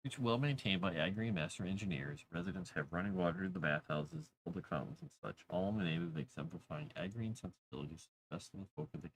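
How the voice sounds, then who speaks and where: A man's voice: sits low, big pitch swings, quick pace, few pauses, a little hiss or hum. A man chatting casually on a live stream while writing fantasy lore, rambling, talking to his cat and reading chat aloud.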